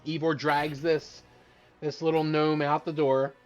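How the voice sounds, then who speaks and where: A man's voice: a little high, little pitch movement, a little slow, darkish tone, lo-fi sound, faint music behind. A man narrating as game master of a tabletop game, hesitant and full of fillers.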